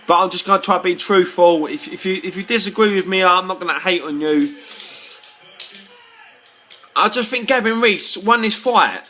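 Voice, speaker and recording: A man's voice: high-pitched, normal speed, pauses often, bright, forceful tone, soft background music. A tipsy man, rambling to camera in a casual rant, stumbling over repeated words and swearing when riled. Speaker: vlogger.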